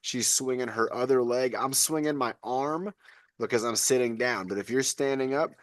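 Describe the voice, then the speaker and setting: A man's voice: mid-range voice, normal speed, dry recording, studio quality. A man coaching a live online fitness class over a video call, chatty and encouraging.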